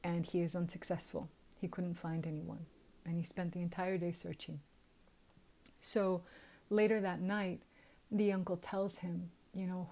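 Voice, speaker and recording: A woman with a Southern US accent casually retelling a sacred story, chatty and quick to laugh at her own jokes. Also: on the low side, little pitch movement, warm tone. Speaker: spiritual storyteller.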